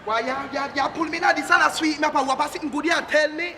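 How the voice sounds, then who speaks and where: An actor playing an excitable, scolding Jamaican father in a live stage comedy, with a strong Jamaican accent. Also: high-pitched, fast talker, close to an everyday voice. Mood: grumbling. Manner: loud, scolding, theatrical patois rants. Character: excitable Jamaican father, middle-aged man. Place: theatre stage with live audience. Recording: reverberant hall, audience noise.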